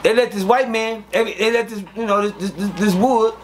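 High-voiced man telling prison tales. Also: brisk, slight background noise. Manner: profane, animated, acts out quoted dialogue. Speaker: interview guest telling prison stories. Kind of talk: casual storytelling.

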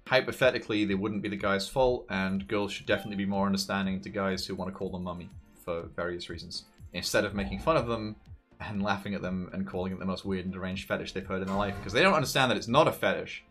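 A man's voice: low-pitched, fast talker, a bit bright, soft background music. A man streaming a game, chatting in a laid-back, rambling way and swearing casually. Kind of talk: casual gaming chat.

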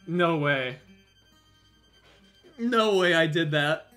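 Early-20s male streamer, high and bright, shouty and profane, voice worn from yelling. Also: a little slow, soft background music. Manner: shouting, elated and swearing. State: throat strained from screaming. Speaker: gaming streamer. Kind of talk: excited gaming stream commentary.

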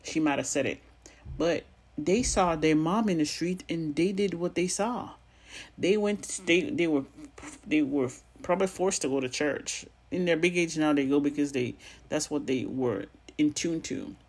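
A woman talks straight into her vlog with a husky, breathy voice and a noticeable accent of her own. She gives her commentary bluntly and with sass. She swears freely as she talks. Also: sits low, a little slow, a little mellow. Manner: blunt, sassy and profane; has a non-standard accent of her own. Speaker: gossip commentary vlogger. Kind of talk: casual commentary.

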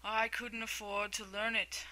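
A woman's voice: on the high side, little pitch movement, a little slow, bright, forceful tone, rough recording. A woman voicing a mournful, sobbing turtle creature in a storybook reading, with a sighing delivery.

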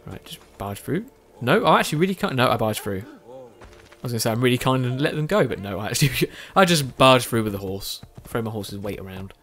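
Brisk and sing-song, with a medium pitch and a slightly bright quality, a weary gaming video host rambles chattily through his play. A sore throat weighs on him, and he frequently corrects himself.

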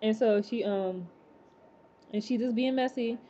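A woman casually recapping a TV episode, rambling with many fillers and excited exclamations. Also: fairly high pitch, a little slow, muffled recording, slight background noise. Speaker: TV episode reviewer.

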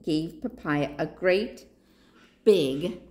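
A woman reading a picture book aloud for a library storytime, expressive and asking the listeners questions. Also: low-pitched, extremely slow. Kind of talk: children's read-aloud.

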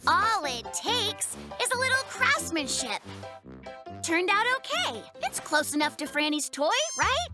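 A very high, childlike brown bear cub speaks slowly and carefully, his pitch rising and falling a lot. He sounds earnest and a bit fretful, with loud cartoon music behind him. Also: big pitch swings, exaggerated voice. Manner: fretful, hesitant.

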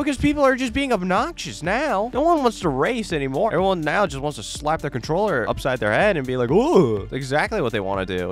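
Exasperated young man narrating his gameplay. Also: a bit bright. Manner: exasperated, sarcastic complaining with sudden high-pitched outbursts. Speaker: gaming YouTuber. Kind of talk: live gameplay commentary.

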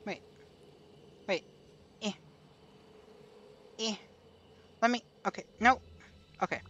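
A woman's voice: medium pitch, slow pace, fairly bright tone. A woman chatting casually through a gameplay livestream, talking to herself and to chat and laughing often. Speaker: streamer. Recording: light music behind the voice.

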